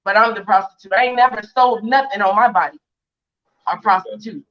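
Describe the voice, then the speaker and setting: A woman's voice: mid-range voice, brisk. A woman giving a heated interview on a livestream, defiant and indignant, firing off rhetorical questions. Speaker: interview guest. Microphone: video call. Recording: muffled lo-fi stream audio.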